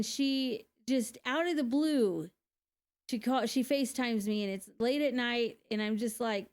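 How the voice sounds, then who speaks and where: A woman's voice: on the high side, a little mellow, clean tone. A woman, a single mother, telling her own story in a candid, conversational way, with frequent laughs and fillers. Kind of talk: casual personal testimony.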